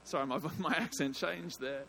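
High-voiced pastor, chatty and jokey. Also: male voice, normal speed, gravelly, a bit bright, a little hiss or hum. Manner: chatty, jokey, self-interrupting, bursts of emphasis. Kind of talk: evening sermon. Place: church hall.

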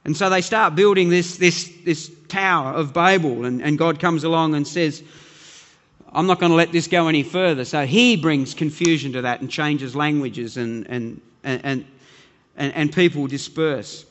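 A man's voice: a little high, unhurried, a bit bright, in a large hall. A man preaching a sermon as pastor, earnest and emphatic, often repeating words as he builds his point.

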